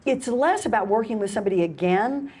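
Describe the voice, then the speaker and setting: An older woman, an actress answering questions as a panel guest in a relaxed, frank, easygoing way. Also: a little high, fairly quick, slightly rough. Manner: relaxed, laughs easily, frank. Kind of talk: casual convention panel chat.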